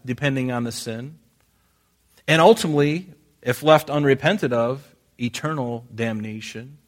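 Man preaching a conversational sermon. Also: medium pitch. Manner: conversational preaching with frequent restarts. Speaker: pastor.

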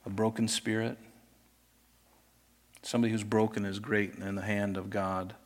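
A man's voice: fairly low pitch, level tone, moderate pace. A man preaching a sermon in a conversational style, acting out scripture scenes as he retells them. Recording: reverberant hall.

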